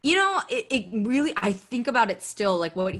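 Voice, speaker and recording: A woman podcast guest telling a candid personal story, animated and acting out quoted dialogue, with frequent "like" fillers. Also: fairly high pitch, a little fast. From United States.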